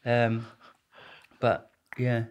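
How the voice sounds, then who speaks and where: A man's voice: medium pitch, monotone, drawn-out words. Rambling Englishman telling prison stories. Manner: rambling, laughs often, many restarts. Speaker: podcast guest. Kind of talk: casual storytelling.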